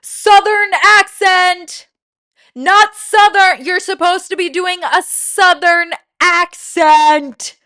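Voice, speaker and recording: Woman putting on a screechy impatient casting director, yelling way up high, totally fed up. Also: fairly even intonation, slow pace, full character voice. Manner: yelling, exasperated. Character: impatient shouting school play casting director.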